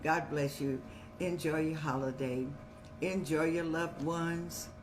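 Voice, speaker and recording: A woman's voice: deep voice, steady tone, slow, darkish tone, faint music behind. An older woman hosting an advice show, talking in a folksy, motherly, preaching way. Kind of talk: casual advice talk.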